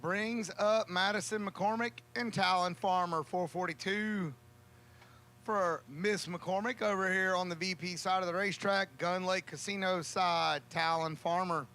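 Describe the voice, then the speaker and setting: A man calling a drag race, with a joking, folksy manner and drawn-out calls. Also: sits high, fairly even intonation, bright, forceful tone. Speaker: race announcer. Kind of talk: drag racing commentary.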